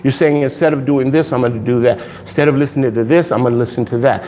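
A male pastor preaching a sermon in an animated way, laughing often and shouting for emphasis. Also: medium pitch, fast, slight background noise.

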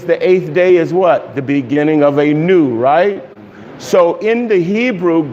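A man serving as pastor, leading a casual online Bible study and prayer, greeting viewers with loose pauses and fillers. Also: fairly high pitch. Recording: dull hall echo with faint hiss.

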